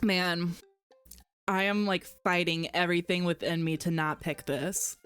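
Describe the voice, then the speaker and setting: A woman's voice: on the low side, steady tone, a little slow, fairly bright tone, smooth, no room sound, faint music behind. A woman streaming a game live, reading the dialogue aloud and breaking into giggly asides. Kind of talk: live game let's play commentary.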